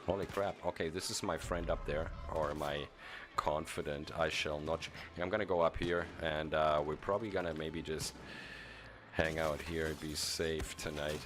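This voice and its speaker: A man's voice: a bass voice, little pitch movement, moderate pace, noisy background. A man from Germany chatting casually while streaming a video game, rambling with chuckles and frequent restarts. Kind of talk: casual gaming stream commentary.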